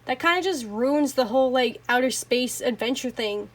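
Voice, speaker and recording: A woman's voice: high voice, animated, moderate pace. A woman reviewing anime in a casual, rambling rant, swearing often, apologizing and laughing between thoughts. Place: home.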